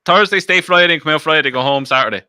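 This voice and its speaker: A young Irish man co-hosting a podcast, bantering quickly, laughing and protesting his innocence. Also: on the high side, sharp tone, clean tone, no room sound, clean studio sound. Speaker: podcast co-host. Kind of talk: casual chat.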